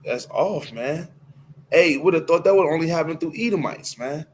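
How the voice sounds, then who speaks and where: A man's voice: on the high side, normal speed, darkish tone, a little hiss or hum. A man leading a casual scripture discussion, loose and emphatic, peppering his speech with "hey" and "man". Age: adult. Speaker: class speaker.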